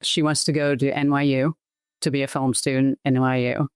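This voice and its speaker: A woman's voice: extremely low pitch, flat delivery, clean tone, no room sound. Chatty middle-aged woman from Massachusetts. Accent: Boston. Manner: chatty, rambling, quick asides. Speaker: podcast guest, actor. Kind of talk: casual interview chat.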